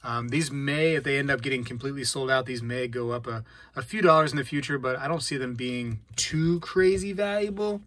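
A man hosting a casual hobby vlog, chatting and reacting out loud while he plays a game. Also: medium pitch, brisk, dry recording. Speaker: coin-collecting channel host.

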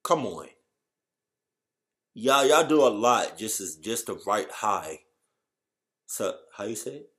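A man chatting casually to his viewers in a reaction vlog, full of slang and sudden loud exclamations. His pitch leaps and swoops with lively expression, from quiet mumbles to high-pitched outbursts. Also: slow, pauses often. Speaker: YouTuber.

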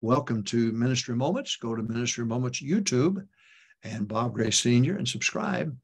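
A man's voice: mid-range voice, normal speed, husky. An older man, a pastor, giving folksy, emphatic preaching talk to church leaders, chuckling often.

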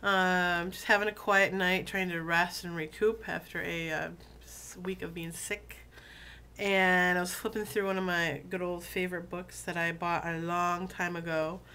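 A woman who has been sick, her voice lower than usual, chatting casually with many fillers and reading poems aloud in a slow, deliberate way. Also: level tone, pushed and bright, slight background noise. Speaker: video blogger reading poetry.

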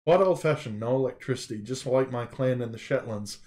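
A man's voice: medium pitch, a little fast, a little mellow, natural voice. A man voicing a kindly male sheltie dog detective with a folksy, reassuring manner. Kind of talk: reading a game's story aloud on stream.

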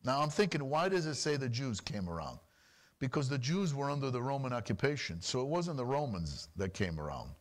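A man preaching a sermon as pastor, animated and full of rapid rhetorical questions. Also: mid-range voice.

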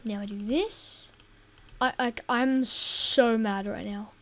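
High-voiced woman narrating her gameplay. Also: steady tone, slow pace. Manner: chatty and easily exasperated. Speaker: gaming video host. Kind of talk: casual gameplay commentary.

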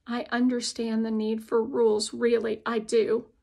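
A woman's voice: on the high side, little pitch movement, a little slow, vocal fry, dark tone. Woman voicing tired mother, earnest, practical, pleading, storybook reading. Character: worn-out mother pleading calmly with an official.

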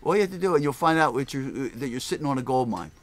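A man's voice: mid-range voice, quick pace. An older man, a record store owner telling rambling stories in a casual interview, often acting out the voices of people he quotes. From Philadelphia area, US. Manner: animated, rambling, acts out voices. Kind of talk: casual storytelling.

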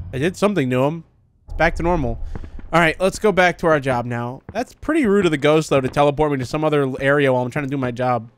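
Animated chatty young male gamer. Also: fairly high pitch. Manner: chatty, jokey, reacts aloud while reading in-game text. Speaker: gaming channel host. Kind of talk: let's play commentary. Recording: faint noise and clicks behind the voice.

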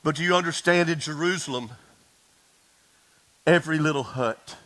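Man, pastor, sermon, high bright voice, dramatic storytelling, hushed then loud. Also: moderate pace, rough recording. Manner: dramatic storytelling, dropping to a hush and rising to shouts; addresses the congregation directly.

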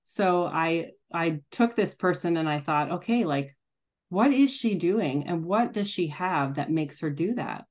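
A woman's voice: fairly low pitch, expressive, a little slow, darkish tone. A middle-aged woman telling a personal story in a candid, self-deprecating way, laughing often. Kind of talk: casual reflective storytelling.

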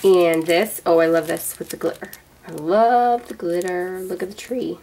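A woman's voice: lowish voice, steady tone, normal speed, a little mellow, a little hiss or hum, poor audio. Chatty woman gushing over craft goodies. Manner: chatty, gushing, rambling with many fillers. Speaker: vlogger showing a gift box. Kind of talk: casual show-and-tell unboxing.

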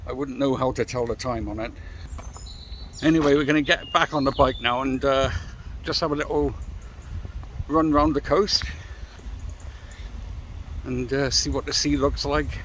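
A man's voice: mid-range voice, fairly even intonation, moderate pace, pauses often, a bit bright, slight background noise. A middle-aged man, chatting casually to camera as a motorcycle vlogger while walking around outside by a church, rambling and talking straight to his viewers. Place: outdoors by a church and graveyard.

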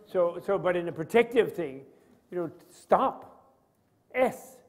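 A man's voice: sits high, lively intonation, normal speed, a little mellow. An older man lecturing on Buddhist philosophy, rambling and conversational, often checking in with his listeners. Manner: rambling, conversational, asks students questions. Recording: long reverb of a hall.

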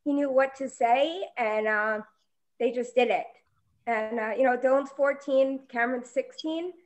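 A woman in her forties giving a heartfelt, halting tribute on a video call. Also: high voice, muffled recording. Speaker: hockey mom sharing a memory.

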